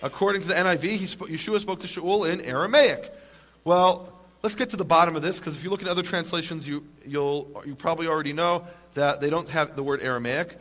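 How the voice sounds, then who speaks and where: A man's voice: fairly high pitch, a little fast, fairly bright tone. A man giving a lecture to a live audience, emphatic, asking rhetorical questions and making wry jokes.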